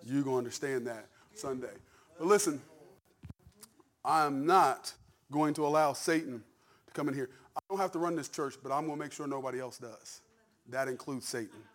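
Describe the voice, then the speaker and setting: A male pastor preaching a fervent sermon to his congregation, dropping to a hush and then rising to a shout. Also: medium pitch, normal speed.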